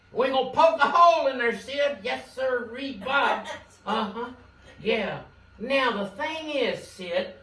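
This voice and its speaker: Slow folksy man doing a stage magic act. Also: very high-pitched, pushed and bright, slight background noise. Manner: folksy drawling storyteller banter with volunteer. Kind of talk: comic magic act with tall tales. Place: stage before live audience. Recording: roomy live stage from a distant mic.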